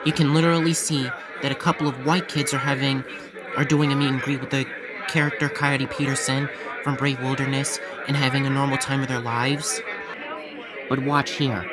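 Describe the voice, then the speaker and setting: Over a noisy crowd, a man with a medium-pitched voice speaks in a level tone at normal speed, hosting his fan-made theme park channel. His earnest vlogging is repetitive, with frequent stumbling restarts.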